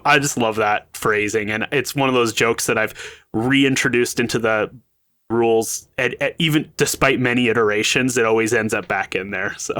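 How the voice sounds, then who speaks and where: A man who designs games, talking as a guest in a casual podcast interview, enthusiastic and quick to laugh. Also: medium pitch, fairly even intonation, bright, forceful tone, no room sound, clean studio sound.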